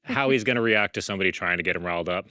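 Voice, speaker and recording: A man with a somewhat low voice walks through a dog's temperament test in an easy, explanatory way. He works with the dog outdoors, sometimes cooing at him between points. The sound is close and dry. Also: racing, clean tone, no echo. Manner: relaxed, explanatory, coos at the dog. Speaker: dog rescue worker. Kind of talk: casual explaining while handling a dog.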